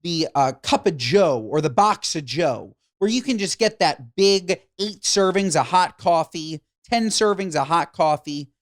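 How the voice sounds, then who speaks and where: A man co-hosting a podcast in casual chat, talking with animated enthusiasm. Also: on the high side, unhurried, few pauses, no room sound, studio quality. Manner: animated, enthusiastic about food. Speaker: podcast co-host.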